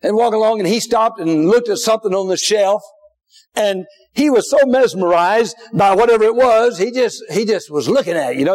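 A man preaching a sermon in a church, dropping to a hush and then rising to shouts, with folksy asides to the congregation. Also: high voice. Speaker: pastor. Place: church sanctuary.

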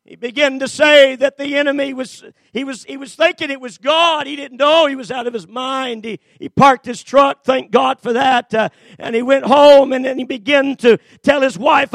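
High-voiced preacher, shouting then hushed. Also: male voice, moderate pace, gravelly, no echo. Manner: dramatic, rises to shouts then drops low; many fillers and repeated starts. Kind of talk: sermon storytelling.

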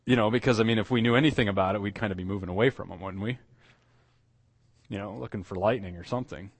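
A man's voice: on the low side, fast. Man, pastor, sermon storytelling, acted quotes, fillers.

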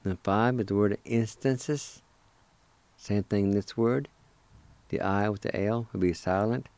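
Man hosting a radio language lesson, steady and patient, deliberate pace, lowish pitch, dry studio sound. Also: creaky, clear, resonant tone, no room sound. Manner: patient, spells out and repeats each word syllable by syllable. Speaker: radio host teaching Cherokee words.

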